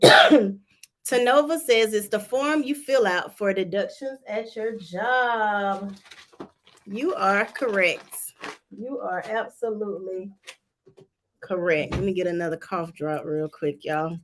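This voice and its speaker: A woman with a Georgia Southern accent, a tax specialist teaching a live-streamed tutorial, talking slowly and deliberately in a chatty, direct way. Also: medium pitch, slight background noise.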